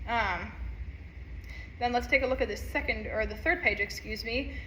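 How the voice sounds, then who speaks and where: Woman, upbeat music teacher, counts and sings rhythms, bright tone, echoey room. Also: fairly high pitch, moderate pace, slight background noise. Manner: upbeat, encouraging. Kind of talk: instrument lesson walkthrough. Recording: echoey room, faint ambience.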